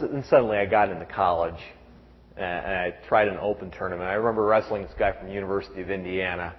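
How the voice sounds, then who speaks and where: A middle-aged man preaching a sermon in a halting way, repeating words and reading scripture aloud. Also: sits low. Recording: dull sound with long hall reverb.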